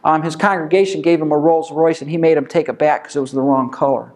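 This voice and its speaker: A man's voice: a little high, fairly even intonation, fast talker, a little mellow. A man leading an informal Bible study lesson, speaking conversationally and firing off rhetorical questions that he answers himself.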